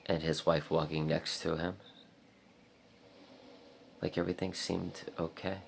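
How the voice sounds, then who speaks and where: A man with a very deep, gravelly voice rambles through a casual vlog story. He fills his talk with "like" and swears freely, with a faint hiss of noise behind him. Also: level tone, a little slow. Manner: rambling, heavy use of "like" and swearing. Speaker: vlogger.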